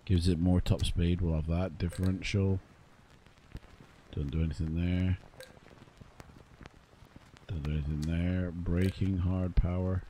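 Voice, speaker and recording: A man's voice: low voice, level tone, a little slow, long pauses, warm tone, slight background noise. A man, hosting a gaming channel and giving chatty gameplay commentary full of exasperated asides.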